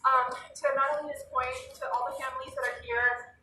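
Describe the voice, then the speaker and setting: A woman's voice: high-pitched, little pitch movement, fairly quick, pushed and bright, recorded from a distance, a little hiss or hum. A woman giving an earnest, urgent protest speech outdoors in the sun, swearing now and then. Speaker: rally speaker for an activist group. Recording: echoey PA sound heard from afar.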